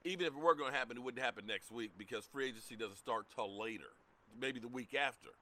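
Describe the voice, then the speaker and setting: A middle-aged man hosting a casual live sports talk stream, greeting chat viewers by name in an animated way. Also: medium pitch, fast talker, a little hiss or hum. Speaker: livestream sports show host.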